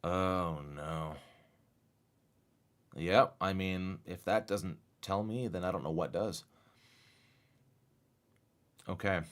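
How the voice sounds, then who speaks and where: A young man streaming a game live, chatting with his viewers and swinging from low muttering to excited exclamations. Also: slow, pauses often.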